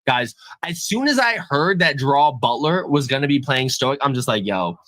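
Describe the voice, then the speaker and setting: A man co-hosting a podcast, chatting casually about a movie in a hyped, animated way and often repeating himself. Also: medium pitch, moderate pace, dry recording. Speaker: podcast co-host. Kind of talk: casual movie review chat.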